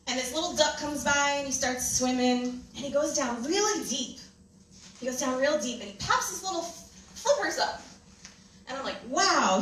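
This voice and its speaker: A woman giving an animated talk to an audience, telling a personal story and laughing often. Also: sits high, a little hiss or hum. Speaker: speaker. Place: large room with an audience. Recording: echoey hall from far off.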